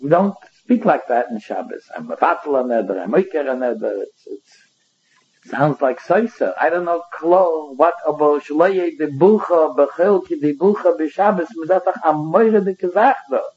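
A man teaches a Talmud study lesson. His voice sits fairly high but has a mellow, warm tone. He reads passages aloud and works through them line by line, on a dull, lo-fi recording. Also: animated, normal speed.

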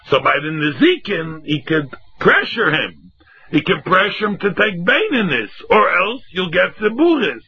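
A man teaching a Talmud class, acting out both sides of the argument in an animated singsong. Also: sits high, unhurried, husky. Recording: dull lo-fi recording.

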